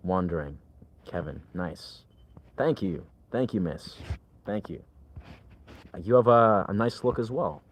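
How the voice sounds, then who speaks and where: Rambling man with a lowish voice. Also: expressive, measured pace, long pauses. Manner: rambling, leans heavily on filler "like". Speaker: livestreamer reading chat. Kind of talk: casual livestream chat.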